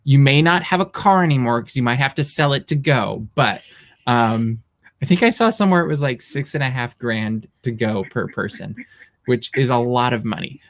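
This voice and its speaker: A man's voice: medium pitch, normal speed. A man co-hosting a podcast in casual chat, rambling with lots of fillers. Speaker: podcast co-host.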